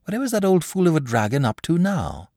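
A man reading the lines of an excited young boy who mutters eager asides to himself in a storybook reading. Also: fairly high pitch, fast, no room sound, clean studio sound, pitched above the performer's own voice, heavily acted. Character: eager young boy watching a staged fight.

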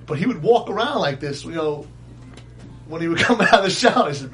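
Brief: animated male storyteller with a high voice who laughs along as he tells it. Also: brisk, soft background music. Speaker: guest storyteller. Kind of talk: casual storytelling.

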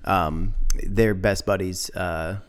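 A man's voice: low-pitched, steady tone, slow pace, crowd noise. A man co-hosting a podcast, chatting casually and telling family stories with frequent laughter. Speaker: podcast co-host. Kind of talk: casual chat.

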